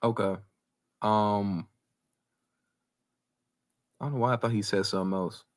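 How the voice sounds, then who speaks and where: A man co-hosting a casual basketball podcast, talking in an animated, slangy way and repeating himself as he argues. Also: mid-range voice. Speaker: podcast co-host. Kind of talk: casual sports chat.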